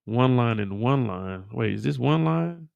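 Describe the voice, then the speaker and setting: A man hosting a live after-show, recapping an episode in a profane, animated storytelling way. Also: mid-range voice, a little slow, creaky, smooth, no echo, dull audio. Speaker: show host.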